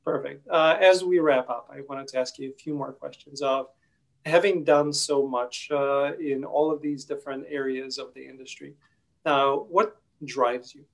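Gravelly, flat-voiced male interviewer. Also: medium pitch, normal speed. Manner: relaxed, hesitant with many fillers. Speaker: interview host. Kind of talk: conversational interview.

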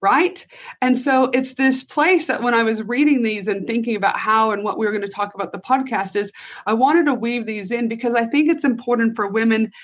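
A woman's voice: a little high, fairly quick. Woman, podcast host, encouraging, affirming, slightly dull audio. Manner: encouraging, reads quotes aloud, frequent affirming murmurs. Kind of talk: interview hosting.

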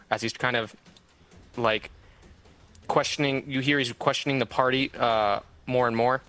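A man's voice: medium pitch, fairly even intonation, moderate pace, pauses often, fairly bright tone, soft background music. A man running a tabletop game as game master, narrating loosely with many fillers. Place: studio.

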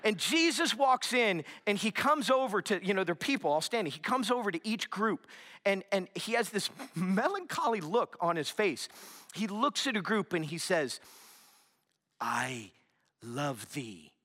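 A young man preaching a sermon, telling a story in an animated, chatty way with lots of fillers. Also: high voice, moderate pace. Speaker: pastor.

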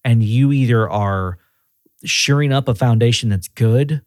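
A man who directs a group of auto repair shops, talking as a guest in a casual podcast conversation. He speaks in a relaxed, conversational way. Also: medium pitch, a little slow, dry recording, clean studio sound. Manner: relaxed and conversational, often acting out quoted voices.

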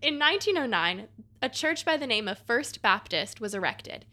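A woman's voice: a little high, very animated, normal speed, pushed and bright. A woman co-hosting a podcast, chatting casually and reading a script aloud with breezy, slangy asides. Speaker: podcast co-host.

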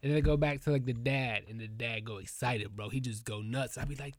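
A man hosting a casual podcast, telling stories in an animated way and laughing as he talks. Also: mid-range voice, a little fast, no echo. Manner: animated storytelling, laughs while talking. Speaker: podcast host.

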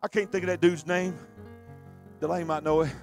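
A man preaching a sermon, swinging from low conversational talk to shouted, sung preaching. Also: steady tone, moderate pace, faint music behind.

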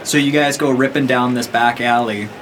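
A man narrating as game master in a relaxed, chatty way with fillers. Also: medium pitch, moderate pace, noisy background.

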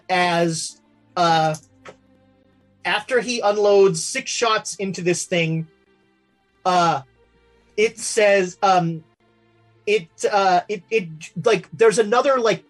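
Game master, male, slow halting narrator, faint music bed. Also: high voice. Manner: halting, many fillers and restarts.

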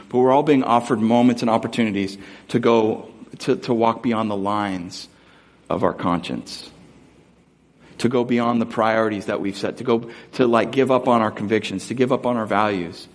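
A man's voice: on the low side, normal speed. A man in his thirties, a pastor preaching a conversational sermon, earnest and often asking the congregation questions.

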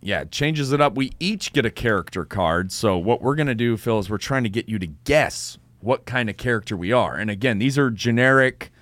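A man hosting a casual podcast, upbeat and quick to laugh. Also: medium pitch, lively intonation, a bit bright, no room sound. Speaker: podcast host.

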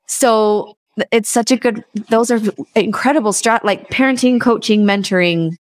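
A woman's voice: medium pitch, normal speed, dry recording. A woman hosting a podcast, a mother talking eagerly and animatedly about her son. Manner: enthusiastic, rambling, animated retelling. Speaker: podcast host. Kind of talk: podcast interview.

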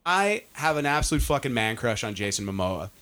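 Brief: male podcast host, bright tense voice, excitable, profane. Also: mid-range voice, brisk. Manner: excitable, swearing storyteller. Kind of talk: casual chat.

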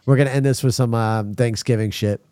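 A man hosting a crude comedy podcast, telling stories loudly with lively put-on quotes. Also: medium pitch, fairly quick, clear, resonant tone, dry recording, studio quality. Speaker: podcast host.

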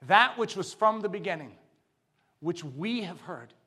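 A man preaching a sermon, swinging from quiet, probing questions to drawn-out shouted proclamation. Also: sits high, lively intonation, breathy edge.

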